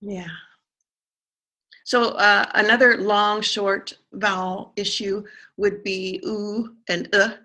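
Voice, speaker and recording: An accent coach explaining pronunciation in conversation, pausing to think and sounding out vowels to demonstrate. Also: medium pitch, level tone, pushed and bright. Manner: thoughtful, pauses with fillers, sounds out vowels to demonstrate.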